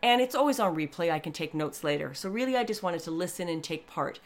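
A woman's voice: fairly low pitch, animated, quick pace. A woman hosting a podcast, talking candidly and earnestly in a rambling, chatty way full of asides and restarts. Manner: warmly earnest and grateful. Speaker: podcast host. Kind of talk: candid personal monologue.

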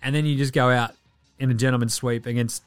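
A young man hosting a solo basketball podcast, talking in a profane, sarcastic, animated way. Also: mid-range voice, fast, smooth, faint music behind. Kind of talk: solo sports commentary podcast.

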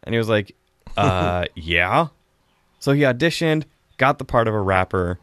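A man's voice: medium pitch, animated, fast talker, fairly bright tone, clean tone, no room sound, studio quality. A man hosting a casual podcast chat, reviewing a film in a rambling, chatty way with frequent laughs.

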